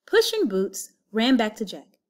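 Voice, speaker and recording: A woman reading a children's picture book aloud, with an expressive story-telling lilt. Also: fairly high pitch, measured pace. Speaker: storybook reader.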